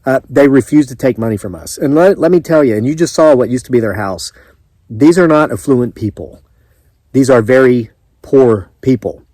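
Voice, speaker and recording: A man with a Southern US accent speaks at normal speed in a medium-pitched, mellow voice, recorded dry. As a homesteading vlogger, he tells chatty, rambling stories to the camera, full of asides and restarts.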